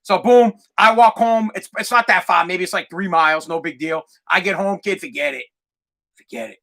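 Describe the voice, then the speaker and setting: A podcast host tells a story in a casual, rambling way, swearing freely. His voice sits high for a man. It has a bright, forceful edge. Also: moderate pace. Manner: profane, animated, rambling.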